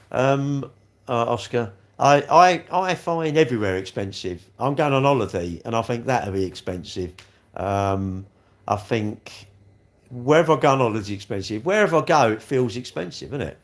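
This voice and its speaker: Chatty man on a live stream. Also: medium pitch. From London. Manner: chatty, rambling, tag questions, calls viewers mate. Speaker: livestream host. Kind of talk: casual live chat reading comments.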